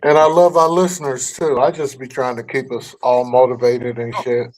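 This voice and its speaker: An older man co-hosting a casual morning show, ranting loudly and joking with heavy cursing. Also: medium pitch, level tone, normal speed, rough recording. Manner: loud, profane, joking rants. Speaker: co-host.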